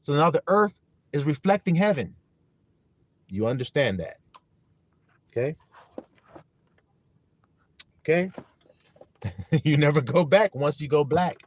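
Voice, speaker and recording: Animated preaching man, higher voice. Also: slow, pauses often. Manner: emphatic, repeats questions to listeners; greets viewers in chat. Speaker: preacher on a live stream. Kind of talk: livestream sermon.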